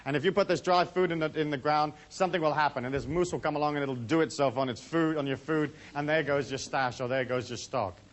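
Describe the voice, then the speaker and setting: Male seminar speaker, a touch high-pitched, loose and conversational, full of "you know" asides. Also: fast, hardly any pauses. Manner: rambling, chatty, many "you know" asides. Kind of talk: casual lecture to a live audience.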